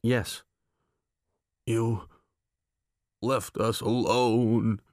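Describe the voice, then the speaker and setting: A man's voice: medium pitch, fairly even intonation, very slow, darkish tone, no room sound, studio quality. A man doing a sulky, childlike big woman.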